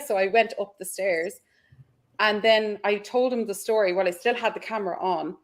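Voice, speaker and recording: A woman's voice: medium pitch, a little fast. A woman, a paranormal investigator who eagerly jumps in to tell her own ghost story as a podcast guest. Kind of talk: storytelling in conversation.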